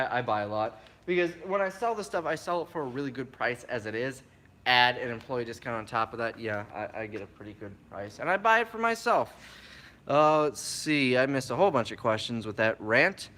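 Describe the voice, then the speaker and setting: Man, live q&a, chatty, bright forward voice. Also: mid-range voice. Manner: chatty, reads viewer questions aloud and answers them. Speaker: reseller answering live chat questions. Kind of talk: live stream Q&A.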